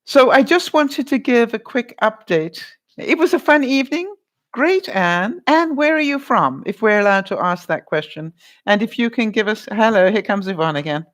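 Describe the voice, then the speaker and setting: A woman's voice: on the high side, lively intonation, moderate pace. Chatty woman hosting a live stream. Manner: chatty, laughing, hosting movie-quote trivia. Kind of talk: casual live-stream chat, reading viewer comments.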